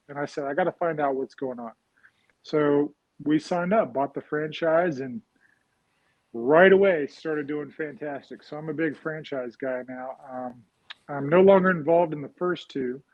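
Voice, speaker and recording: A man's voice: on the high side, darkish tone, no room sound. Man with a dull, dry recording. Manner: rambling, frequent "right?" tags and fillers. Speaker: guest real estate investor. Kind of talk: casual interview answers.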